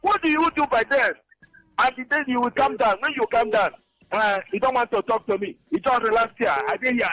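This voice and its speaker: A man calling into a radio show by phone, animated and acting out back-and-forth exchanges. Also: extremely high pitch, brisk, no echo, rough recording. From Nigeria. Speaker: caller. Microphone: phone call.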